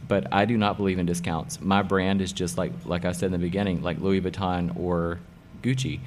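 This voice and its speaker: A middle-aged man with a very low voice talks about his work as a hairdresser in a casual interview. He is emphatic and excited, repeating key phrases for effect. A faint hum of background noise sits under him. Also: brisk. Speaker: hairdresser and salon owner, guest.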